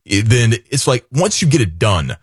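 A male radio co-host with a husky voice swings his pitch widely up and down as he pitches the show's services. The sound is dry and close, with little room to it. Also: moderate pace, no room sound. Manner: lively pitch swings, upbeat promotional pitch. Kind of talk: radio finance show.

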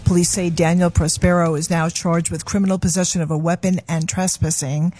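A woman with a breathy voice reading local radio news in a steady, clear manner. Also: fairly low pitch, brisk, no echo, faint music behind. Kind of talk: radio newscast.

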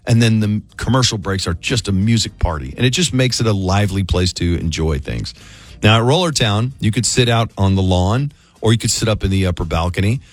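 A man's voice: fairly low pitch, no room sound. A middle-aged man hosting a morning radio show, chatting loosely and telling a story with frequent fillers. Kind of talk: casual morning radio banter.

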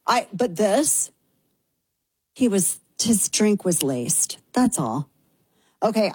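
The talk show host here is a woman whose medium-pitched voice has a darkish, slightly rough tone, recorded with no room sound. Her opinion monologue is brash and sarcastic, shifting rapidly.

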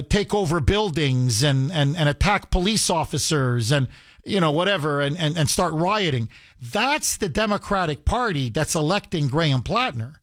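High-voiced, emphatic male political commentator. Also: dry recording, studio quality. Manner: emphatic, repeats phrases for effect.

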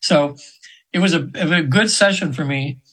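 A man's voice: on the high side, measured pace, fairly bright tone, low-quality recording. A man in his seventies telling stories in an earnest, rambling way, with many fillers and restarts, as an interview guest. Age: 70s. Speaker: guest hypnotherapist. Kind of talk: casual storytelling in an interview.

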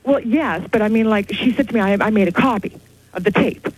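A woman phoning in to a late-night radio talk show, telling her story in a rushed, excitable, shaken way. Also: mid-range voice, husky, poor audio. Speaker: caller.

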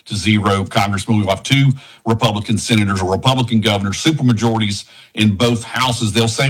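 A man running for Congress, a radio show guest making an earnest, urgent get-out-the-vote pitch. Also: fairly even intonation, fairly quick, low-quality recording. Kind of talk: campaign pitch on a call-in.

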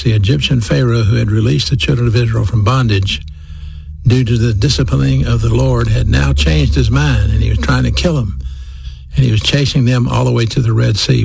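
A man's voice: mid-range voice, vocal fry, a little mellow, husky, no echo. A man preaching a sermon, speaking straight to his listeners and repeating key phrases for emphasis. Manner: addresses listeners directly.

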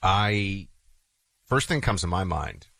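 Low-voiced digressive male co-host. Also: takes it slowly, creaky, no room sound. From Northeastern US. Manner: digressive storytelling, animated asides. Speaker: talk show co-host. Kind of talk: casual conversational chat.

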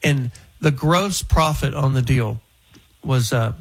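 A man's voice: medium pitch, takes it slowly, husky, low-quality recording. A male radio host, talking in chatty, teasing banter with callers.

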